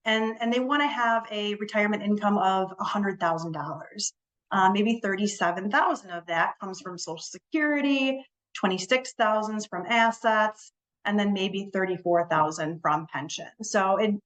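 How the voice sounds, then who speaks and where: A woman who works as a financial advisor, giving a relaxed webinar presentation, explaining with frequent ums and repeated words and leaning on the key words. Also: mid-range voice, moderate pace, rough recording. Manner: leans on key words for emphasis.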